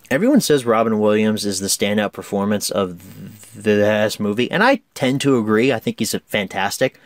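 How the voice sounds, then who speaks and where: A man's voice: fairly low pitch, normal speed, few pauses, no room sound, studio quality. A man giving a casual, chatty film review, enthusiastic and laughing often.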